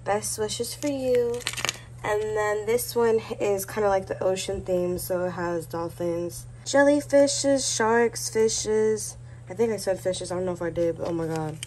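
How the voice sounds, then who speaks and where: A woman's voice: mid-range voice, measured pace, a little mellow, a little hiss or hum, poor audio. A young pregnant woman giving a casual, gushing tour of her baby's corner at home, a little out of breath and often correcting herself. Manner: chatty, self-correcting, gushing. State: heavily pregnant, a bit out of breath. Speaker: vlogger.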